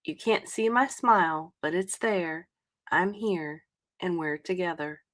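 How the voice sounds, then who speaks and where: A woman reading a sentimental passage aloud in a soft, tender, measured way. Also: on the low side.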